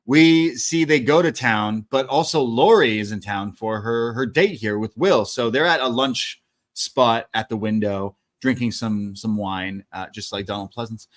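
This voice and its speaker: Man, podcast co-host, mid pitch, casual loose recap with fillers and swearing. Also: a little slow. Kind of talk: casual movie review chat.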